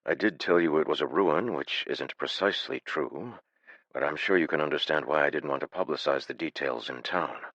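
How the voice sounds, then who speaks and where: A man voicing a calm, unflappable male adventurer leader who speaks flatly and matter-of-factly. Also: a bass voice, normal speed, dry recording, muffled recording, exaggerated voice. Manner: calm, flat, matter-of-fact.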